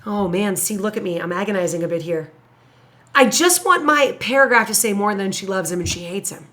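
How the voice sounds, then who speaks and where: A woman teacher thinking out loud as she writes an essay paragraph, musing, hesitating and correcting herself as she goes. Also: medium pitch, brisk. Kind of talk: thinking aloud while writing an essay paragraph.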